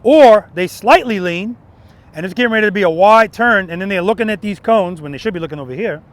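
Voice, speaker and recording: A male motorcycle instructor speaking outdoors in a parking lot, with a fairly high voice. He coaches emphatically and repeats his main points. He often drops in a quick "right?" to check that his students are following. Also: lively intonation. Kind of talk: outdoor riding lesson.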